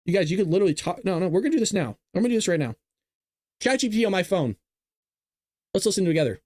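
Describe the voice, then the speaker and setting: A man's voice: high-pitched, sing-song, racing, darkish tone, no echo. A man hosting a live news commentary show, ranting emphatically with repeats and restarts.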